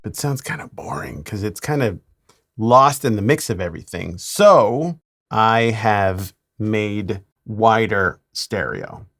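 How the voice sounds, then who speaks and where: A man, a mix engineer, talking through a mixing tutorial in a relaxed way with playful asides. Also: on the low side, slow.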